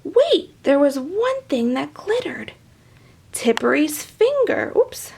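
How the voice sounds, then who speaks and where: A woman reading a children's picture book aloud, with animated, chatty asides to young listeners. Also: high-pitched, unhurried, gravelly. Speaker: storybook reader.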